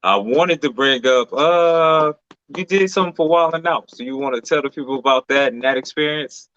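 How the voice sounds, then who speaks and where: A man hosting a casual interview, asking relaxed questions full of fillers. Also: medium pitch, moderate pace, no room sound. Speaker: host. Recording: dull lo-fi mic.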